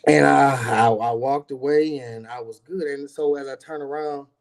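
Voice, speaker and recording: A man's voice: mid-range voice, steady tone, moderate pace, creaky, slight background noise. A man telling a personal story in casual talk, rambling and repeating words, acting out the people he quotes. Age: adult with grown son.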